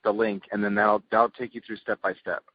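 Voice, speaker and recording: A man's voice: on the low side, flat delivery, brisk, slightly rough, dry recording. A man co-hosting a teleconference, briefly and plainly explaining steps over a muffled conference-call line. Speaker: co-host, Bitcoin expert. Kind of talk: casual explanatory chat.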